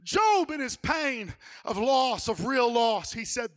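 A male pastor preaching a sermon in a church, telling the story dramatically and swinging between hushed lines and shouted ones. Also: extremely high pitch, big pitch swings, slow.

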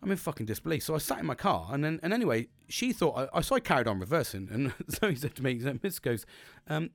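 Fast-talking, swearing man telling a story. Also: a little high, no room sound. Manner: rambling, swearing, animated, acts out quotes. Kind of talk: casual storytelling monologue.

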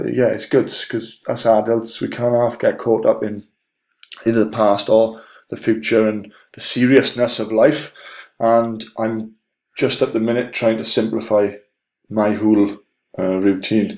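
A middle-aged man hosting a podcast, chatting casually with lots of fillers and restarts. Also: on the low side. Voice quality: rambling, with many fillers and restarts. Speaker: podcast host. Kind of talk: casual chat.

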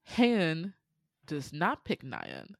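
A woman casually recapping a dating show on a podcast, animated, laughing and playfully exasperated as she tells it. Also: sits low, very slow, creaky, no room sound. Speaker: podcast host.

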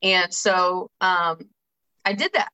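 Heard on a muffled recording, a woman with a lowish, clean voice speaks slowly in a bright, forceful tone. She gives a candid, conversational account of her recovery, pausing to read from a book and to check in with listeners, and she often uses fillers and tags like "right?"

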